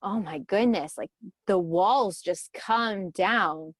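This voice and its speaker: A woman guest on a podcast interview, talking casually in an earnest, heartfelt way and sometimes dropping softly to a near whisper. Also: medium pitch, takes it slowly, no room sound, studio quality. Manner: warm, earnest, softens to near whispers when moved. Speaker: guest, event organizer.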